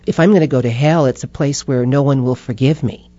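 Brief: expressive woman interviewee, dark mellow tone, slightly dull audio. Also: very deep voice, brisk. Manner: expressive, animated, acts out inner voices. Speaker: interview guest. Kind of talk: reflective conversational storytelling.

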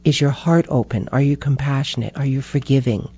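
A woman guest in an interview, telling stories in a reflective, animated way and acting out voices. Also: extremely low pitch, fairly quick, breathy edge. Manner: expressive, animated, acts out inner voices. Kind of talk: reflective conversational storytelling. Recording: dull muffled interview audio.

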